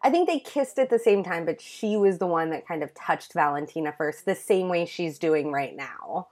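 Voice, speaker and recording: A woman's voice: on the low side, animated, moderate pace, darkish tone. Gushing woman recapping a TV series. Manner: gushing, enthusiastic, lots of "like". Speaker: podcast co-host recapping a show. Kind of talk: casual chat.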